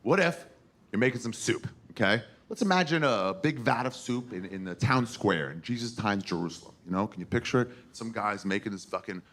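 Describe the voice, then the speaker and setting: A man in his forties doing a crude, animated stand-up comedy set on a theater stage, acting out characters as he tells stories. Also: fairly low pitch, brisk. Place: theater stage before a live audience. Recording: noisy live room with audience laughter.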